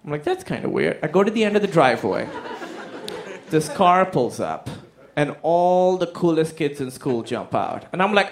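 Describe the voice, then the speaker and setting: A man telling a stand-up comedy story, animated and profane, acting out the people in it with silly voices. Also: on the high side, normal speed. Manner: animated, acts out quotes in silly voices, swears freely.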